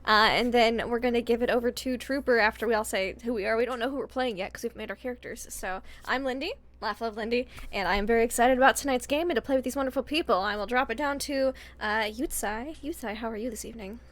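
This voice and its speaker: A woman's voice: a little high, fast talker, few pauses. A woman hosting a tabletop game session, chatting in a bubbly, playful way. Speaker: host and player. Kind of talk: casual chat.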